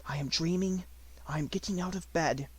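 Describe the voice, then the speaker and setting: A man voicing a poor little girl in a storybook, hushed and breathless, rising to excited cries. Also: fairly high pitch, normal speed, husky, voice pushed up. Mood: breathless, wondering.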